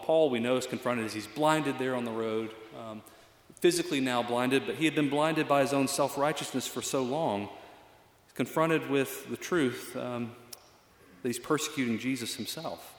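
A man's voice: medium pitch, echoey room, big-room sound. A male pastor giving a reflective, conversational sermon with frequent fillers.

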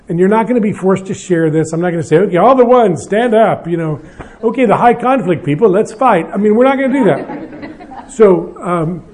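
A man's voice: a little high, a little mellow. An older man, a pastor, giving an evening marriage talk to an audience in a conversational, self-deprecating way with frequent restarts.

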